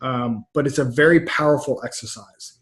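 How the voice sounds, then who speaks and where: This middle-aged mindset coach has a fairly bright, medium-pitched voice and speaks at a moderate pace. In a casual video-call interview he rambles and repeats words with frank energy, recorded through a webcam about two feet away.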